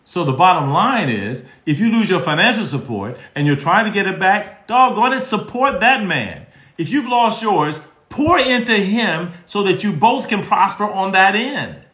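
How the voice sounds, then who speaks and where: A man's voice: high-pitched, sing-song, moderate pace, sharp tone, reverberant, lo-fi sound. A man in his sixties, a marriage counselor answering live questions in a folksy, emphatic way. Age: 60s. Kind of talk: live stream Q&A.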